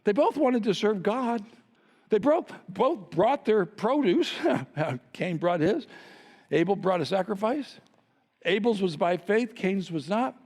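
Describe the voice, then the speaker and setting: Male pastor mid-sermon, high and animated, teasing rhetorical questions, long reverb of a large hall. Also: slow pace.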